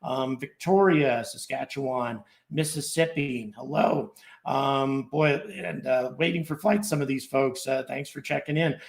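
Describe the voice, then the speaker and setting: Reading out viewers' locations and thanking them, a middle-aged livestream host rambles along with plenty of fillers and obvious gratitude. His gravelly voice sits in the mid range, and he takes his time.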